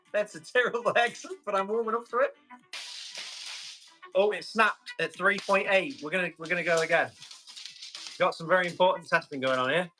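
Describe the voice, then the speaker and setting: A man's voice: high-pitched, pushed and bright. A man hosting a live tool sale, chatting with viewers, answering their comments and describing each item while he tests it. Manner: describes items while testing them. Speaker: live-stream tool seller. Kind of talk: casual live auction chat.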